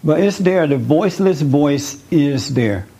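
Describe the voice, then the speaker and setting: A man's voice: on the high side, animated, a little slow, dark tone, slightly rough, low-quality recording. A man leading a spiritual discussion group, preaching earnestly and drawing in listeners with repeated questions and emphatic repetition. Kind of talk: interactive sermon with audience questions.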